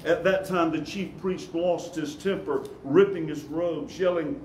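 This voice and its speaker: A man preaching in a church, telling scripture as a story at a very slow, deliberate pace. His voice sits a bit high and sinks low on solemn moments. The big room echoes, with faint ambience behind. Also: fairly even intonation, a little hiss or hum. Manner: storytelling, dropping low and quiet on solemn lines. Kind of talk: dramatic scripture reading in a sermon. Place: church sanctuary.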